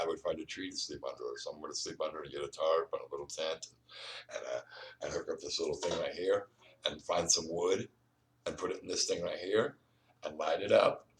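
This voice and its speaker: Brief: low-voiced man, rapid and rambling, repeats "you know what I mean", preachy, sits back from the mic. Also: steady tone, distant mic, rough recording. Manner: repetitive, restarts often, keeps saying "you know what I mean"; earnest and preachy, urging the listener. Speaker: vlogger. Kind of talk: rambling personal monologue. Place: indoors at home.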